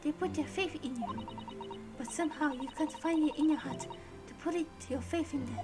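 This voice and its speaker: A woman reading game dialogue aloud as a polite, formal young Japanese woman, soft and measured. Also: high voice, loud music behind the voice, natural voice. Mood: gently reproachful.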